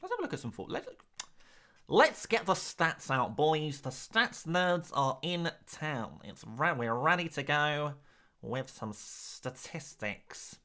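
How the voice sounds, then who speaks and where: Brief: a man playing a mock-formal stats presenter, pompous, bright tone. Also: a little high, sing-song, slow, full character voice. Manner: over-precise, mock-formal delivery.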